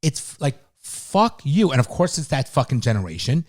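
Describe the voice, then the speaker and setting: Middle-aged dad on a podcast ranting, swears constantly, voice swings up and down. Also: male voice, mid-range voice, very animated, moderate pace, darkish tone. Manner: blunt, heated, swears a lot. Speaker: podcast co-host, father. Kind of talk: casual chat.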